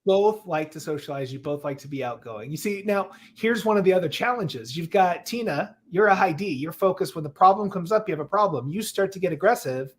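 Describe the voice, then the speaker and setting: His voice is high-pitched and lively in intonation, and he talks briskly with hardly a pause. Coaching a couple on a live show, he breaks down their personality profiles analytically but playfully, acting out what each says to the other.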